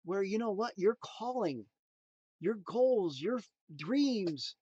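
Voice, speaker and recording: A man giving a motivational talk in a preachy, emphatic way, swinging between loud punchlines and quiet asides. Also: sits high, animated, takes it slowly, slightly rough, no echo, lo-fi sound. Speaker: motivational speaker.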